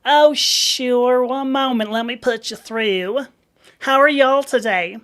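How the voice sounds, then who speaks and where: A woman's voice: on the high side, slow, a bit bright, voice pushed up. Woman putting on a chirpy Southern receptionist. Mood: syrupy cheerful. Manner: chatty, drawling, keeps saying y'all. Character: overly friendly pushy Southern woman receptionist.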